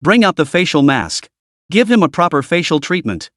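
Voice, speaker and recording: A cold, sadistic female interrogator taunts with a raised, lively voice, as a man puts her on. Her words drip with mockery. The sound is dry and close. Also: fairly high pitch, normal speed, dry recording. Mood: cold mocking. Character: cruel mocking female security interrogator.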